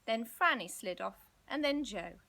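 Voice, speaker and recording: Woman, storybook reader, high voice, lively pitch, expressive telling. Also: unhurried, gravelly, low-quality recording. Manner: expressive, gently dramatic storytelling. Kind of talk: children's story read aloud.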